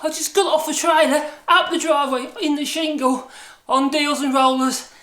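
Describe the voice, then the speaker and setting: A man's voice: very high-pitched, fairly even intonation, normal speed, sharp tone. A man chatting casually in a home workshop vlog, rambling and correcting himself as he talks through a machine. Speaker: hobby woodworker showing a machine. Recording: echoey room, distant mic, noisy background.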